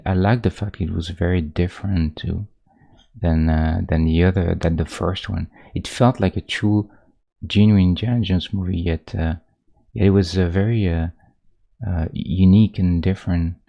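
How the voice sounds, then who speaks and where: A man streaming his pixel art, chatting casually about movies in a rambling, halting way full of restarts that turns animated. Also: low-pitched, vocal fry. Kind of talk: casual chat while drawing on stream.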